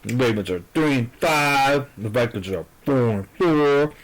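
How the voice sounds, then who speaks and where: A male vlogger rambles casually through his football predictions at an ordinary pitch, with lively intonation and a measured pace. He hesitates, restarts often and leans on fillers, and he is blunt and swears freely. The audio is poor.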